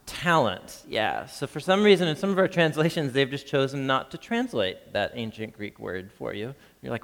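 A man preaching a sermon as a pastor, lively and chuckling, acting out the voices in the scripture reading. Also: fairly high pitch, brisk, hardly any pauses, long reverb tail. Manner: lively, reads scripture with acted voices, laughs often.

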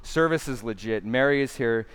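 A male pastor preaching a casual, slangy sermon in church with animated asides. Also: mid-range voice, normal speed, clean tone.

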